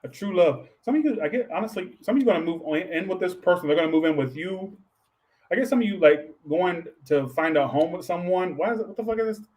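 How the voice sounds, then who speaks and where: A slightly high-voiced man reads tarot cards live in a loose, rambling way. He sounds worn out, drops the odd swear word, and tags "all right" onto his thoughts. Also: a little fast, a little mellow, poor audio. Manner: blunt, swears casually. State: tired, low on energy. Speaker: tarot reader. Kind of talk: casual livestream tarot reading.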